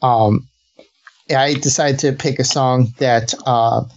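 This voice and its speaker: A man's voice: mid-range voice, steady tone, slow. A young adult man hosting a casual podcast, rambling with many fillers and laughing often. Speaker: podcast host. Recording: dull lo-fi sound with faint hiss.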